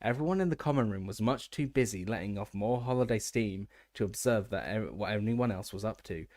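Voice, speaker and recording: A man's voice: lowish voice, fairly quick, darkish tone, no room sound, studio quality. A man reading an audiobook aloud, often stumbling over words and restarting. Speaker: audiobook narrator.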